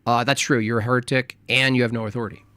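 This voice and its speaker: Forties male streamer, taunting and argumentative, mid pitch, dry close sound. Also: little pitch movement, quick pace, pushed and bright, smooth, dry recording. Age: 40s. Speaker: streamer reacting to clips. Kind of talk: combative live-stream commentary.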